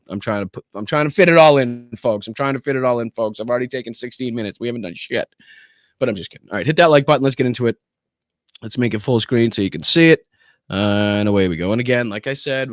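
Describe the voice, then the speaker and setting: Male livestream host, casual and sarcastic commentary, mid-pitched, dry close sound. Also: no echo. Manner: casual, sarcastic, swears, thanks viewers in chat. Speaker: political podcast host.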